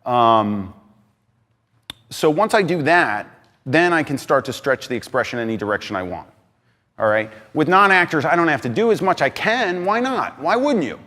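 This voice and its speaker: A man giving an energetic talk on stage, emphatic and excitable, swinging between loud bursts and quieter asides. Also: on the high side, moderate pace. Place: large hall on stage. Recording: reverberant hall.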